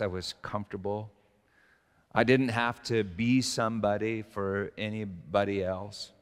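A man's voice: on the low side, clean tone, big-room sound. An older man, a pastor, giving a conversational sermon with stories, fillers and restarts.

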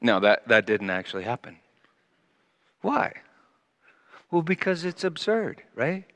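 A man preaching a sermon, animated, moving between loud emphasis and quiet asides. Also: mid-range voice, measured pace. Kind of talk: sermon with Bible teaching. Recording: long reverb of a large hall.

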